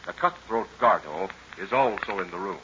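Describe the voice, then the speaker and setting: A man announcing a 1930s radio serial, folksy and peppy in the sponsor pitch. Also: animated, moderate pace, background noise. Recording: muffled old radio recording.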